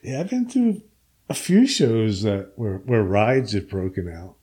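Husky low older man, laid-back chat. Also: big pitch swings, unhurried, warm tone. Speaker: punk fan in conversation. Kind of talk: casual chat.

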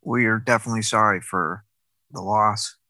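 A man hosting a conversation, with a mid-pitched, bright, forward voice. He talks earnestly and thinks aloud as he responds to his guest. The sound is dry and close-miked. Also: fairly even intonation, normal speed, no echo. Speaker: host. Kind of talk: conversational interview.

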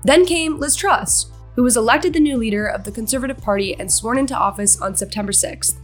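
A woman's voice: a little high, fairly quick. A woman news correspondent narrating a scripted explainer in a breezy, chatty way, with faint music behind her.

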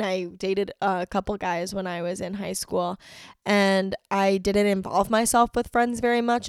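A woman hosting a podcast, telling personal stories in a frank, profane way, moving from quiet reflection to heated outbursts. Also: on the high side, clear, resonant tone, no echo, studio quality. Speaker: podcast host. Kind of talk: candid personal storytelling.

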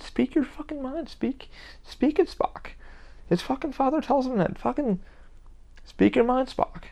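Male solo podcaster, gravelly voice, profane and rambling, passionate and blunt. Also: high-pitched, darkish tone. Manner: heavy swearing, rambling and emphatic. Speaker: podcast host. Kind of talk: casual solo podcast rant.

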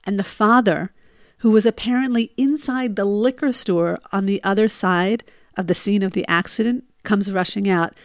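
A woman's voice: mid-range voice, normal speed, no echo. Dry, emotional woman storyteller. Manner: emotional, re-lives her panic in rising bursts. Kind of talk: personal storytelling.

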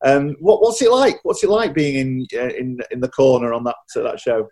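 A man's voice: medium pitch, moderate pace, darkish tone. A man from Yorkshire interviewing a guest in an eager, chatty way, with frequent tag questions. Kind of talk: casual interview chat.

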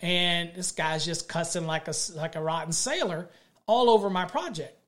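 A man's voice: on the high side, moderate pace, fairly bright tone. A middle-aged man, an electrical contractor hosting a show, gives a plainspoken leadership talk built on stories from his own job sites. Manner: plainspoken, tells workplace stories from experience.

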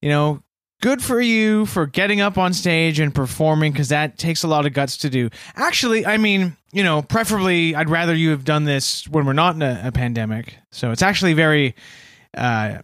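A man's voice: fairly high pitch, expressive, normal speed, fairly bright tone, no echo. A man co-hosting a comedy podcast, dry and skeptical, hedging his criticism with lots of "you know". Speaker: podcast co-host. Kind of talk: comedic banter.

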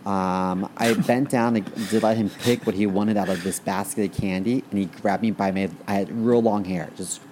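A man's voice: lowish voice, fairly even intonation, moderate pace, hardly any pauses, darkish tone, a little hiss or hum. A man co-hosting a podcast, telling crude stories casually with dry humor. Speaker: podcast co-host. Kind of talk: casual storytelling.

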